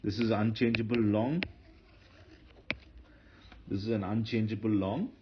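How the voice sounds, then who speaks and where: Guy teaching grammar, lowish voice, patient, dull lo-fi sound w faint hiss. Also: fairly even intonation, a little slow. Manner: patient, repeats and corrects himself. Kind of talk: lecture explaining grammar. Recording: dull lo-fi lecture recording with faint noise.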